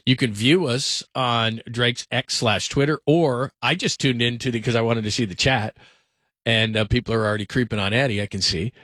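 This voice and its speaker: A man's voice: mid-range voice, moderate pace, a bit bright, no room sound. A man hosting a sports talk show, chatting casually and quizzing his co-host.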